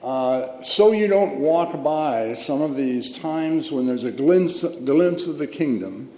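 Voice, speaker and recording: A man's voice: fairly high pitch, animated, slow pace, mellow. An older man, a retired pastor, preaching a folksy storytelling sermon full of fillers and restarts. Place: church sanctuary. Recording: echoey hall with long reverb, faint room ambience.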